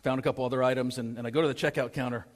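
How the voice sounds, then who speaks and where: A man preaching a sermon and telling a story. His voice swings between loud, urgent pleas and hushed, quiet lines. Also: mid-range voice, fairly even intonation, very fast. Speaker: pastor. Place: church sanctuary. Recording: long church hall reverb.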